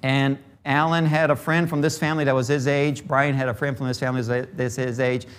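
A man's voice: medium pitch, level tone, fairly quick, clean tone. A man preaching a sermon who grew up in Brazil, moving from a childhood story into emphatic teaching on scripture.

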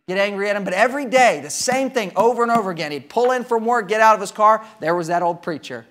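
A man preaching a sermon, telling a story with emphatic swings between loud and quiet. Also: sits high, lively intonation, a little fast.

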